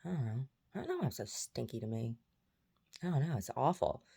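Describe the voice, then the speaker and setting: A woman's voice: very deep voice, big pitch swings, fairly quick, creaky, mellow, breathy edge. A woman vlogging in a rambling, chatty way, jumping between topics. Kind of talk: casual chat.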